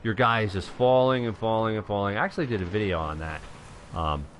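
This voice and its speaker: A middle-aged man from New York giving excitable live gameplay commentary, calling out to viewers and shouting when things go his way. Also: on the low side, a little fast, a little hiss or hum. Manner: excitable, shouts at wins, talks to viewers as folks. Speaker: gaming live streamer.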